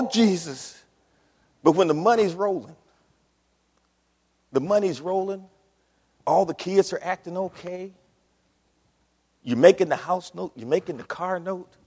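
A pastor preaching a sermon in a church, animated with call-and-response. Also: male voice, sits high, slightly rough. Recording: long hall reverb.

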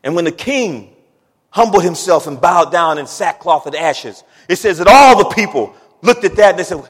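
Animated preacher in a reverberant hall. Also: male voice, high voice, normal speed, slightly rough. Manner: animated, swings from quiet to shouting, laughs between points. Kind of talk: sermon.

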